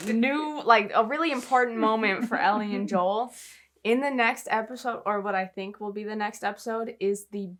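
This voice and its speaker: A woman guest on a casual review chat, eager and excitable. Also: fairly high pitch, normal speed. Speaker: guest, game fan.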